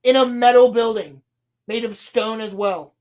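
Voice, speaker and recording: A fairly high, darkish voice with a steady tone and an unhurried pace belongs to a woman co-hosting a podcast. She rants sarcastically through a show recap, swearing frequently and acting out scenes in voices.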